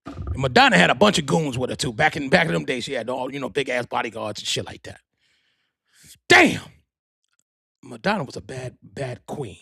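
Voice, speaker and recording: A man hosting a podcast, telling gossip stories in a profane, rambling, animated way. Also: mid-range voice, moderate pace, creaky, long pauses, breathy edge, dry recording. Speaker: podcast host. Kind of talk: casual storytelling monologue.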